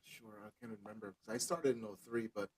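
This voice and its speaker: A male host chimes in with short affirmations and brief memories during a casual interview. His pitch is ordinary for a man. A crowd can be heard clearly in the background. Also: big pitch swings, brisk. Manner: short affirming backchannel, occasional reminiscing. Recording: crowd audible behind.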